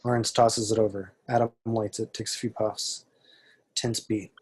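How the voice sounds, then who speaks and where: A man narrating the stage directions for an amateur table read in a low, husky voice. He reads steadily and matter-of-factly, with very little rise and fall. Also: normal speed. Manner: steady, even, matter-of-fact reading.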